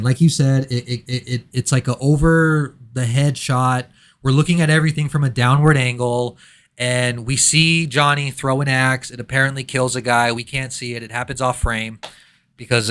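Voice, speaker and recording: Male movie reviewer, casual and sarcastic, prone to mock-outraged rants, middle pitch.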